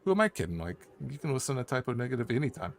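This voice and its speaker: A male game designer guest chatting loosely and excitedly over a video call, with many fillers. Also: medium pitch, rapid-fire. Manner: loose and animated, heavy on fillers. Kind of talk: casual chat. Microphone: video call mic.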